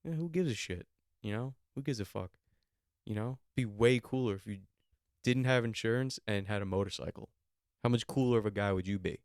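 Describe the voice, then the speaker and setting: A man's voice: lowish voice, brisk, a little mellow, dry recording, clean studio sound. A young man hosting a podcast, telling a rambling, profane story with mock outrage. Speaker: podcast host. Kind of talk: comedic storytelling chat.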